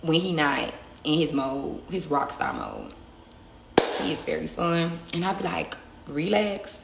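A young woman talks straight into her phone on a casual livestream, blunt and confrontational and swearing freely. Her voice sits low with a gravelly edge. The room is echoey, and noise is clearly heard behind her. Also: wildly swooping pitch, unhurried. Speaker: livestream host.

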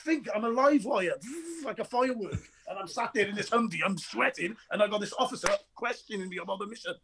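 A man, an actor telling animated stories about his work in a lively interview chat. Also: high-pitched, fast, vocal fry, crowd noise. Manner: energetic, restless storyteller who acts out quoted dialogue.

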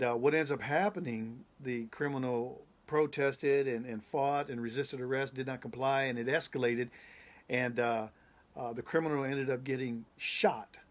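Emphatic male pastor recounting a dream. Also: mid-range voice. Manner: emphatic, repetitive, building intensity. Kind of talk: preaching testimony of a prophetic dream.

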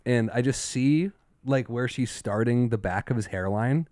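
A man's voice: unhurried, no echo. A young man co-hosting a podcast, telling stories animatedly and acting out quotes. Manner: animated storyteller, acts out quotes in a higher voice. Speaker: podcast co-host. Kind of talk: casual chat.

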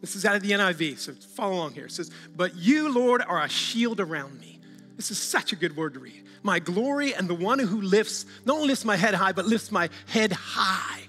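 A male pastor with a high, bright, ringing voice preaches to his church, urging and calling out to the congregation and breaking into laughs. His voice carries a long reverb from a large hall, with faint music underneath. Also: lively intonation, normal speed. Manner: exhorting, calls out to the congregation, laughs often. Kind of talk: sermon.

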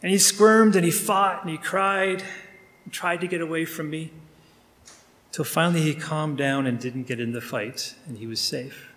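A man's voice: fairly high pitch, normal speed, fairly bright tone. A male pastor praying aloud during a sermon, speaking earnestly and intimately to God. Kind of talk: spoken prayer in a sermon. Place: church sanctuary. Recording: long reverb of a large room.

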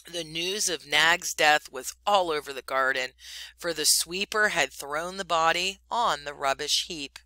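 A woman teacher reads a story aloud in a slow, expressive way. Her voice is bright and clear, and the sound is dry and close. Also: deep voice, dry recording.

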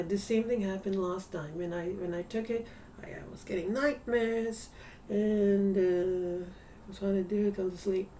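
A tired woman talking softly and hesitantly in a casual video diary at home, sometimes dropping into a whisper. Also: medium pitch, far from the mic. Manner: soft and hesitant, slipping into whispers. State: tired, yawning. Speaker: vlogger. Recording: slightly off-mic with faint room hum.

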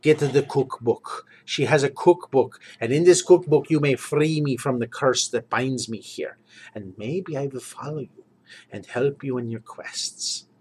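A man voicing a gruff old warlord who guards a hut, with a put-on Slavic accent and a stern, fatalistic manner. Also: mid-range voice, measured pace, slight background noise, lightly acted.

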